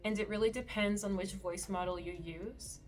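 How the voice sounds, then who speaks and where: A woman hosting a screen-recorded tutorial, explaining settings in a relaxed, explanatory way with the odd soft laugh. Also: medium pitch, normal speed, faint music behind. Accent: Canadian. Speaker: meditation creator and tutorial host.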